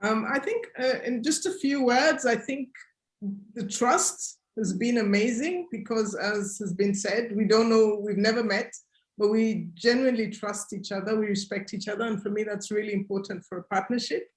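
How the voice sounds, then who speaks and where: A woman's voice: on the high side, normal speed, roomy sound. A woman cocoa grower answering earnestly on a webinar panel over a video call, thinking aloud as she goes.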